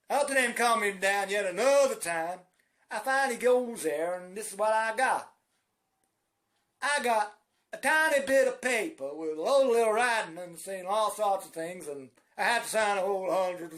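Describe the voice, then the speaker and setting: A man's voice: high voice, a bit bright. A man rambling through a comic story in an exasperated way, acting out the other voices himself. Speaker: comedic storyteller playing Zach. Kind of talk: comic monologue retelling a story.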